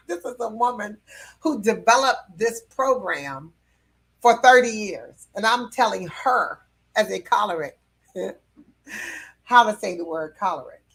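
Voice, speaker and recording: A woman's voice: mid-range voice, a bit bright, breathy edge. A woman teaching about personality temperaments in a casual, conversational way, with fillers and light laughs.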